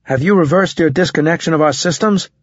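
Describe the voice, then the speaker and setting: Defiant soldier, insistent, pitched higher and louder as a man puts him on, husky. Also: animated, normal speed, no echo. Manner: firm, raised, insistent. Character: stubborn young male soldier, defiant. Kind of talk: audiobook character reading. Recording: dull, muffled audio.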